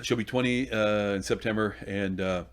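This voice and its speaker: A man's voice: lowish voice, fairly even intonation, normal speed, clear, resonant tone. A middle-aged man and magician-comedian telling stories in casual chat, laughing through his punchlines.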